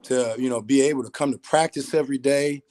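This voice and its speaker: Animated man telling a story. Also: medium pitch, quick pace. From California. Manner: animated, acts out quotes, many "you know" fillers. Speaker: podcast guest, former college football player. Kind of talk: casual storytelling.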